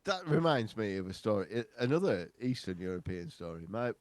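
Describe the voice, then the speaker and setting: A man's voice: on the low side, big pitch swings, fairly quick, dry recording. A man chatting as a podcast co-host, blunt and profane, laughing easily. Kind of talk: casual banter.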